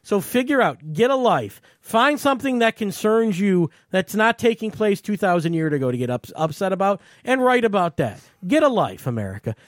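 A man's voice: high-pitched, big pitch swings, normal speed, hardly any pauses, dry recording, studio quality. A man co-hosting a talk show, ranting heatedly and swearing often. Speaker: podcast co-host.

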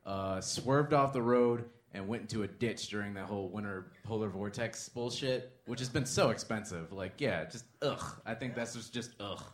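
A man doing a stand-up set, swinging from muttered asides to loud bursts. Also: lowish voice, moderate pace, hardly any pauses, echoey room. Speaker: stand-up comedian.

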